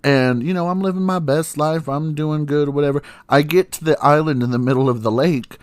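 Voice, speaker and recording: A man's voice: a little high, brisk, clean tone, no room sound. A young man hosting a podcast, telling stories casually with frequent laughs and swearing. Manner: profane, laughs often, acts out voices in quotes. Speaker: podcast host. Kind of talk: casual storytelling monologue.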